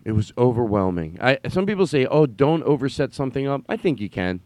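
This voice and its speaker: A man's voice: medium pitch, big pitch swings, fairly quick, darkish tone, no echo. A man hosting a podcast, talking in a rambling, emphatic way with some swearing. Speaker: podcast host. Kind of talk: casual chat.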